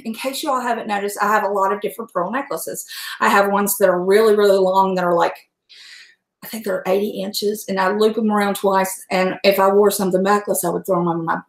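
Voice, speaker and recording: A woman's voice: mid-range voice, fairly even intonation, a little fast. A middle-aged woman, chatting salty and laughing often while she hosts a cooking livestream. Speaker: host. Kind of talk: casual livestream chat. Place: home kitchen. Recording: echoey room.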